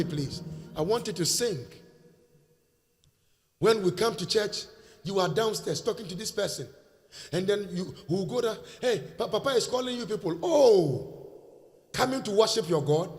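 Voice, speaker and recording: A Nigerian man preaching a sermon in a church hall, leading call-and-response and breaking into shouts. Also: high-pitched, sing-song, a little slow, long pauses. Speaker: pastor. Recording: reverberant church hall, faint music.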